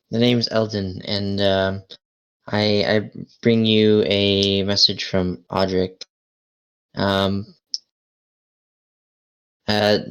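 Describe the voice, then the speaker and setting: A man's voice: fairly low pitch, a bit bright, smooth. A man playing a tabletop game, speaking politely and measuredly in character. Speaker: player.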